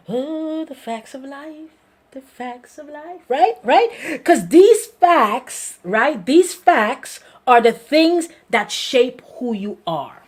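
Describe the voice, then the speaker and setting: A woman pastor with a Brooklyn accent, hosting a weekly talk in an animated, conversational preaching style, often repeating her phrases. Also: a little high. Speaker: pastor and show host.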